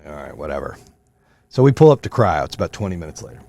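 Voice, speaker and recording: A man's voice: sits low, very animated, quick pace, gravelly. Fired-up swearing male podcast host. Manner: loud, swearing, fired-up and ranting. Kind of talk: profane motivational rant.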